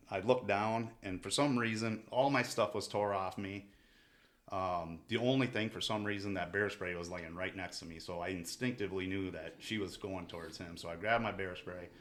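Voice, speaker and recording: A man telling his story as a podcast guest, in a relaxed, halting way with frequent restarts. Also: low-pitched. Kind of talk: casual storytelling.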